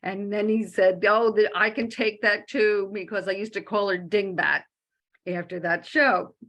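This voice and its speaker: A middle-aged woman telling a personal story in a casual, animated way, acting out the dialogue. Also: medium pitch, unhurried. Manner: animated, chatty, acts out quoted dialogue. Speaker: host.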